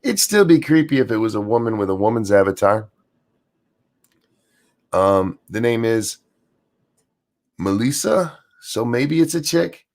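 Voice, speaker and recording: A man's voice: medium pitch, big pitch swings, unhurried, pauses often, a little mellow. A man hosting a casual rant stream, sarcastic and crude, rambling with many fillers, still in his morning voice. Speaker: streamer host.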